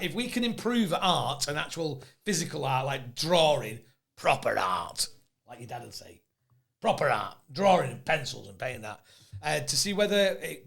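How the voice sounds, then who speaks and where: A man in his fifties hosting a podcast, chatty and quick to laugh as he tells stories. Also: on the high side, creaky, a bit bright. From England. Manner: chatty storyteller, laughs often. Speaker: podcast host. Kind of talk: casual chat.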